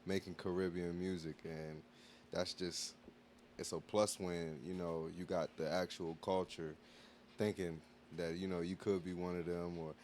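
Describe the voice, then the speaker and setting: Deep-voiced easygoing musician guest. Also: male voice, little pitch movement, measured pace, darkish tone, a little hiss or hum. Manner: easygoing, reflective, says "you know what I mean" a lot. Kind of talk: casual interview chat.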